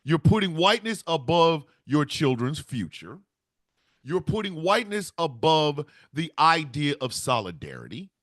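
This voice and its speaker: A man's voice: a little high, fairly bright tone, dry recording, studio quality. A man hosting a casual stream, talking emphatically, swearing and laughing often. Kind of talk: casual livestream chat.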